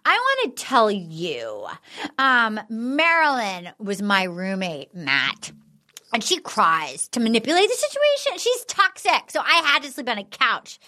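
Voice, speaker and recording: A woman hosts a comedy podcast in a high, lively voice that leaps up and down. Her tone is bright, and she rambles through stories, acting out the people she quotes. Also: a little slow. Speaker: podcast host. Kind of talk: casual comedic recap chat.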